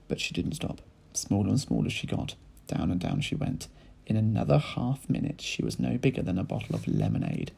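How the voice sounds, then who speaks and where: A male teacher reading a children's book aloud in lively storytelling style, speaking to his pupils. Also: on the low side, fairly quick, vocal fry, slightly rough, low-quality recording. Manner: animated storytelling, addressing children.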